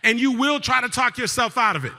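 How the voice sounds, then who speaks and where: A man giving a motivational keynote, leading the crowd in call-and-response and telling a story that swings between loud and hushed. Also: very high voice, animated, brisk, gravelly. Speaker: keynote speaker. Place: large event hall. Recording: live hall with long reverb.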